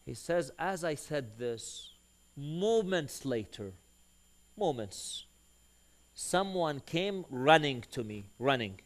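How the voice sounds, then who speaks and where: Male preacher, fairly high voice, lively storytelling delivery with acted-out dialogue. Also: slow. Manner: animated storyteller who acts out quoted dialogue. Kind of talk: storytelling sermon.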